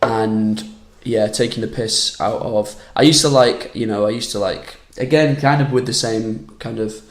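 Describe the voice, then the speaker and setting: A man's voice: on the low side, fairly even intonation, normal speed. A young man, chatting candidly as a comedian guest on a podcast, rambling and restarting his sentences. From Manchester, England. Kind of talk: casual podcast chat. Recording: roomy echoey room.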